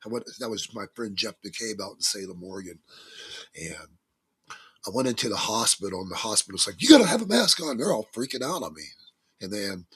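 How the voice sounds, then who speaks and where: A man's voice: fairly low pitch, brisk, sharp tone, breathy edge. A man talking as a guest on a talk show, telling stories in a folksy, emphatic way with religious turns of phrase. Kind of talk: casual talk-show interview.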